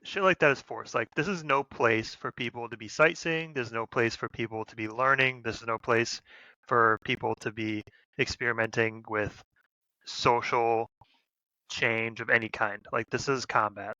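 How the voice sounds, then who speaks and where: A man's voice: mid-range voice, steady tone, moderate pace, sharp tone, no room sound, lo-fi sound. A man in a casual podcast chat, blunt and emphatic about combat.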